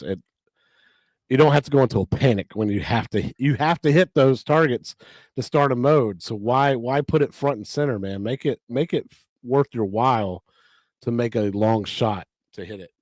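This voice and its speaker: A man's voice: fairly low pitch, darkish tone, no room sound. A man co-hosting a casual show, sharing firm opinions and asking his co-host questions. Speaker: podcast co-host. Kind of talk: casual chat.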